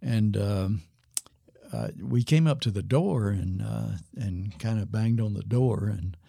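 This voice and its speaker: Older man, former pastor, guest storyteller, gravelly, slightly husky. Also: fairly low pitch, dark tone, no room sound, clean studio sound. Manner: unhurried storytelling that acts out quoted dialogue. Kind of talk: storytelling in a podcast interview.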